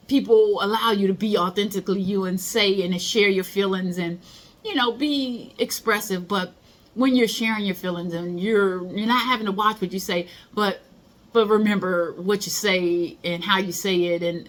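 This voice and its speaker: A middle-aged woman speaks at medium pitch and a moderate pace, giving casual motivational advice. She is a motivational speaker who tells stories in a conversational way and acts out the voices she quotes.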